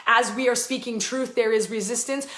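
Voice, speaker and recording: A woman hosting a live spiritual channeling session, fast and emphatic, with swearing, and breaking into chanted invented syllables. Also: fairly high pitch, fairly even intonation, fairly bright tone. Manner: fast, emphatic and effusive, with profanity; chants stretches of made-up syllables. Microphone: live online video stream. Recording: echoey room.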